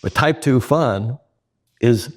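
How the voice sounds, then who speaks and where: A man guest in a casual interview, telling candid stories in an animated way, laughing often. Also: medium pitch, takes it slowly.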